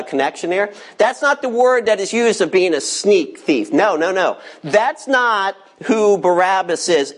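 Animated preacher with lively pitch. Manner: emphatic, asks the congregation rhetorical questions. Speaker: pastor. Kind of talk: expository sermon.

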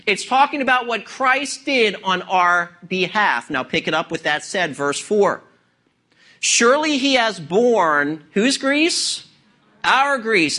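High, bright-voiced male pastor preaching. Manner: expository preaching with rhetorical questions and emphatic stresses. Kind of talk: sermon.

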